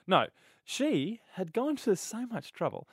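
A young man co-hosting a radio show, telling stories with animated, playful energy into a studio mic. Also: sits high, measured pace, slightly rough, no room sound. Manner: animated storyteller, chatty and playful. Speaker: radio co-host. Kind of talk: casual radio banter.

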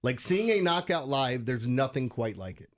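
Regular-pitched guy on sports radio, chatty, tells stories, does little crowd voices. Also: animated, moderate pace. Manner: chatty, acts out crowd reactions. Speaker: radio sports show co-host. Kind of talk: casual radio banter.

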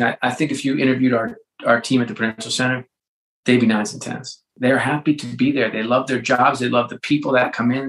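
Guest spot: gravelly male executive, chatty, animated, tells stories with lots of restarts. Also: mid-range voice, poor audio. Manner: animated storyteller with frequent restarts and fillers. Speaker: interview guest, sports executive and author. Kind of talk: casual conversational interview.

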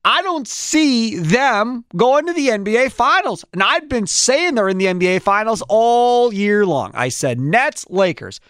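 A man hosting a sports talk show, giving strong opinions in an animated way with quick restarts. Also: very high voice, smooth, no echo, studio quality.

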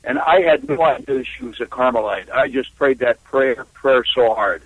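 A man from California calling in to a radio show, talking haltingly with many fillers and restarts. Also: medium pitch, breathy edge, dry recording. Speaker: caller. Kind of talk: phone-in call to a radio show. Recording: tinny phone line.

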